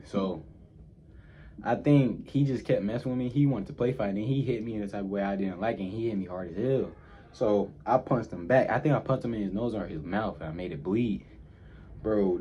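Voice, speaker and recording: A man's voice: lowish voice, brisk, mellow, dull audio, a little hiss or hum. A young man answering fan questions in a casual vlog. He talks in heavy slang, rambles, and repeats himself often.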